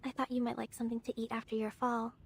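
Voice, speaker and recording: A woman voicing an earnest, gentle young female disciple in a game, soft-spoken. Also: fairly high pitch, level tone, fast talker, gravelly, husky. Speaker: game character. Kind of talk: game voice acting.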